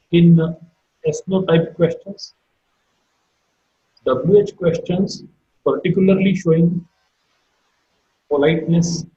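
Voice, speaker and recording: Slow, deliberate lecturer. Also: male voice, on the high side, mellow. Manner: deliberate, repeats key terms, spells out each point. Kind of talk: recorded online phonetics lecture. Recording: echoey room, dull lo-fi sound.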